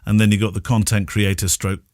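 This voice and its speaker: This podcast co-host has a lowish voice and a brisk delivery, trading jokey, animated stories in casual chat and laughing a lot. The studio-quality recording carries no echo.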